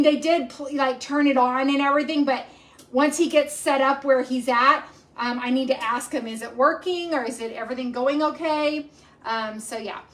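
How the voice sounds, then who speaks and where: A Texas woman with a high, somewhat bright voice hosts a home cooking live stream from her kitchen. She rambles as she cooks, saying "um" a lot.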